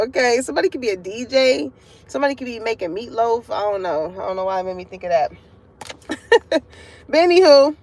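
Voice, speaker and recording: Chatty, swearing woman doing a card reading. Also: fairly high pitch. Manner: chatty, profane, laughs often. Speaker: tarot card reader. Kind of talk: casual spiritual reading to viewers. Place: parking lot.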